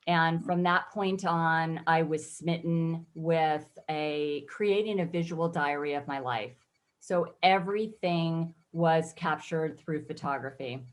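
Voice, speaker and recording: A woman photographer telling her personal story in an interview, reflective and earnest. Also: sits low. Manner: reflective, earnest, emotional at times. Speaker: guest photographer.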